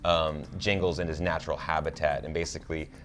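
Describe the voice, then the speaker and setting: A young man co-hosting a casual TV recap, talking in an animated way with many fillers and restarts. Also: a bass voice, a little fast. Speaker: show co-host.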